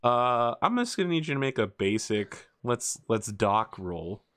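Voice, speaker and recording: A male game master narrating a tabletop game over an online call. He talks in a relaxed, joking way, with a mid-pitched voice and dry, close sound. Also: a little slow, no room sound. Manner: relaxed, joking, explaining rules.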